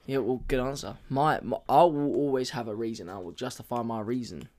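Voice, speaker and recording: An excitable young man chatting casually as a podcast co-host. His voice sits at an ordinary middle pitch, and he talks in quick slang and gets worked up as he pushes his ideas. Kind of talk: casual chat.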